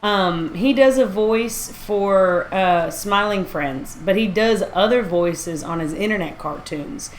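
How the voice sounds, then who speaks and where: A woman streaming a video game live, chatting casually and rambling as she reacts aloud to what she sees. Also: mid-range voice. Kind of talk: casual live-stream chat while playing.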